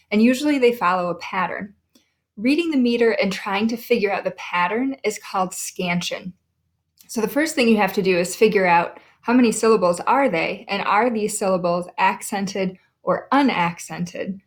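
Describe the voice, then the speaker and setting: Woman teacher sounding out syllables. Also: medium pitch. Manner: clear, deliberate, sounds out names and syllables. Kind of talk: recorded classroom lesson.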